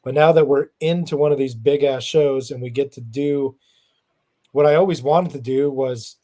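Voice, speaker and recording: A man in casual chat who speaks haltingly, restarting sentences and tripping over words. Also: medium pitch, warm tone.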